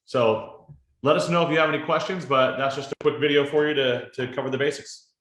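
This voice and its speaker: A man presenting a casual screen-share product demo, explaining in a relaxed way with lots of fillers and tag questions. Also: mid-range voice, fairly quick. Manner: relaxed, filler-heavy explaining with frequent "right?". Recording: roomy echo.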